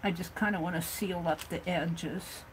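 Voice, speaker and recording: A woman's voice: lowish voice, fairly even intonation, normal speed, background noise. A woman hosting a craft livestream, chatting casually and thinking aloud as she works on an art journal.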